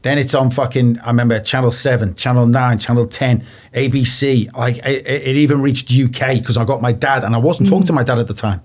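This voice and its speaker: A man from England sits as a guest and tells his story in a blunt, plain way, swearing freely. His pitch sits in the usual middle range. He acts out the old phone calls in quoted voices as he goes. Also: fairly quick, hardly any pauses, a little mellow. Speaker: interview guest. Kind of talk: casual storytelling.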